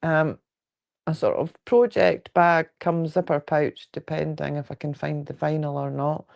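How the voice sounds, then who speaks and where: A woman with a Fife Scottish accent hosts a relaxed quilting livestream from home, chatting with viewers in a frank, jokey way. Her voice has a gravelly, creaky edge, and she rambles comfortably from one thought to the next. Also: low-pitched, measured pace. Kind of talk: casual livestream chat, answering viewer comments. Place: at home indoors.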